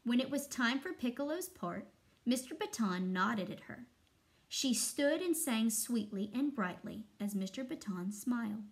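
Slow, expressive woman teacher reading aloud. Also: fairly high pitch. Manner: expressive, with long pauses. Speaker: first-grade teacher. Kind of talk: reading a story aloud to children.

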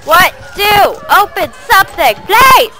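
A woman giving loud, profane gameplay commentary, yelling at her character. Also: extremely high pitch, sing-song, takes it slowly, heavy background noise. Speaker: let's play gamer.

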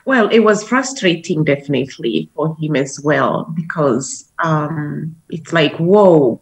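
A woman's voice: low voice, animated, slow, hardly any pauses, husky, low-quality recording. A woman guest on a talk show, speaking in a conversational way with a lot of "you know" fillers.

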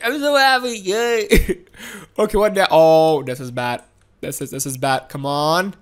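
A woman giving excited let's-play commentary, giggly and excitable with frequent laughs and exclamations. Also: fairly high pitch, a little slow. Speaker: gameplay commentator.

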